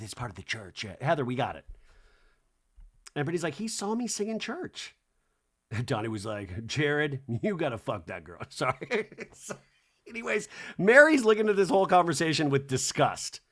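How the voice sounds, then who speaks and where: A man hosting a podcast, casually recapping a reality show reunion and acting out the cast members' lines in mimicking voices. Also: fairly high pitch.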